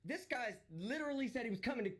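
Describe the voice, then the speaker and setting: A man's voice: very high-pitched, lively intonation, fast talker, fairly bright tone. A man streaming live, delivering a heated, profane and mocking rant. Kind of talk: ranting live stream commentary.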